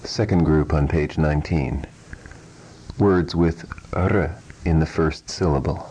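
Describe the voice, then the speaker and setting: Slow, low-voiced man teaching pronunciation. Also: warm tone, husky, poor audio. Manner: measured, precise, repeats each sound twice. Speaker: language teacher. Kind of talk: slow, deliberate pronunciation lesson.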